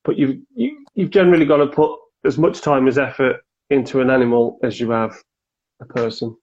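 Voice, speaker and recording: A chatty man talking casually on a podcast, animated and full of little acted-out asides. His voice sits at an ordinary middle pitch. The sound is dull and lo-fi. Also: fairly quick. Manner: chatty, animated, acts out quoted exchanges. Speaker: reptile breeder guest.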